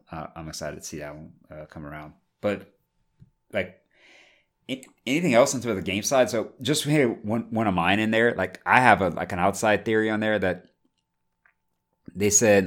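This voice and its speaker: A man in a casual gaming discussion, relaxed and trailing off with fillers, who has the hiccups. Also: sits low.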